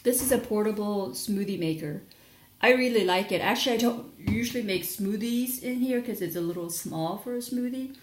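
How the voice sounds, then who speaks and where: A woman's voice: medium pitch, normal speed, reverberant. A young adult woman chatting casually in a rambling product review vlog, sleepy and full of fillers and restarts. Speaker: vlogger.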